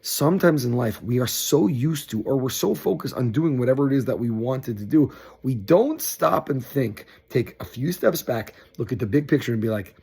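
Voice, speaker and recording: A man giving a short, upbeat weekly Torah talk, telling the story with lively acted-out quotes. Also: medium pitch, moderate pace, creaky, few pauses, breathy edge. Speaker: Torah teacher.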